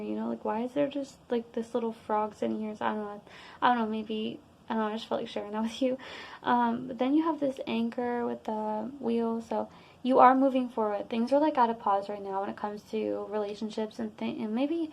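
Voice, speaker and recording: A woman's voice: a little high, a little fast, vocal fry, rough recording. A young woman giving a casual, rambling tarot reading to her viewers, full of fillers. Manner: rambling, relaxed, many fillers. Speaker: tarot reader.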